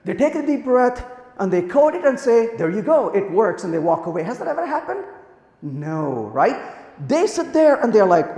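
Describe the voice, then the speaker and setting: A man giving a conference talk, telling lively anecdotes and acting out the dialogue in them. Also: extremely high pitch, moderate pace. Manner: animated storytelling, acts out quoted dialogue. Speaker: conference speaker. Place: large conference hall. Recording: echoey hall, long reverb.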